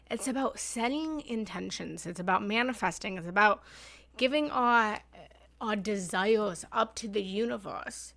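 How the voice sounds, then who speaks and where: A woman in her thirties speaks as a meditation teacher in a live online session, earnest and heartfelt, with a gravelly, fry-tinged voice. Her thoughts come out in flowing, repeated phrases, sitting at a middle pitch. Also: a bit bright, no room sound. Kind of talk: live online meditation talk, casual sharing.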